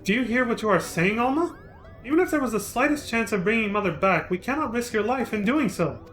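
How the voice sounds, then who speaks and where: A man's voice: high voice, expressive, fairly quick, a bit bright, soft background music. A man reading the lines of a protective young brother from a game, urgent and pleading. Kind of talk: reading game dialogue aloud.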